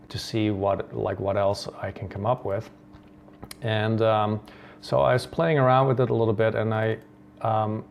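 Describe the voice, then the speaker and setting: A man's voice: fairly low pitch, creaky, a little hiss or hum. A man from the Netherlands hosting a coding tutorial, thinking aloud with many ums and restarts. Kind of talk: screen-recorded coding tutorial.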